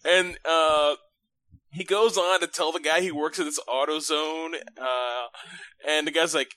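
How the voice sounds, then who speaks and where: A man co-hosting a podcast, telling stories in an animated way and laughing often. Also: a little high, moderate pace, no echo, low-quality recording. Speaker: podcast co-host. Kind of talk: casual podcast chat.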